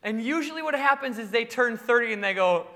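Male preacher, playful and animated, high pitch swooping widely; long hall echo. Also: a little fast. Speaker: pastor. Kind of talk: sermon.

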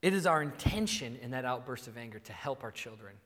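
A man in his thirties preaching a sermon, telling animated stories about his kids and acting out yelling at them. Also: medium pitch, fast, in a large hall. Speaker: pastor.

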